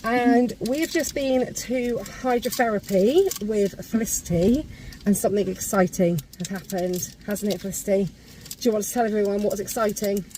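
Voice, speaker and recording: The recording is rough with slight background noise, capturing a mellow, mid-range woman's voice at a moderate pace. A family vlogger, she chats casually and upbeat to the camera, a phone in a holder, from inside a parked or moving car, at times turning to address her kids.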